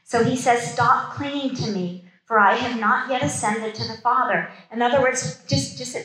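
A woman's voice: fairly high pitch, normal speed, bright, forceful tone. A woman giving a Bible study sermon, reading scripture aloud and breaking off to comment in casual, chatty asides. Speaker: Bible teacher. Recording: roomy echo.

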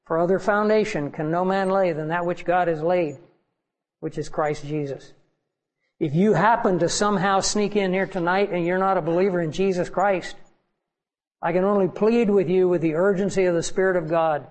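A man's voice: sits high, fairly even intonation, moderate pace, rough recording. A man preaching a sermon as pastor, earnest and pleading with his congregation.

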